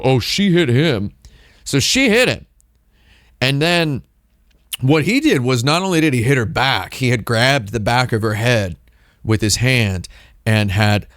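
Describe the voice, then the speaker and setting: A man's voice: medium pitch, fairly bright tone, smooth, dry recording, studio quality. A man hosting a casual livestream, rambling through a story with lots of fillers and restarts. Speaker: streamer host.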